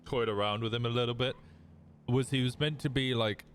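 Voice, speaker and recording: A man's voice: mid-range voice, fairly even intonation, a little fast, a little hiss or hum. A young man with an English accent chatting casually on a live stream while gaming, rambling and self-mocking, breaking into laughs and the odd curse.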